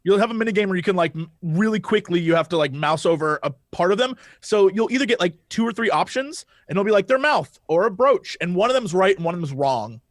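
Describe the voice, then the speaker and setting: Excitable man with a high voice, profane, mimics dialogue, dry close mic. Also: quick pace, hardly any pauses, dry recording. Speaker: podcast guest. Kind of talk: casual chat about games.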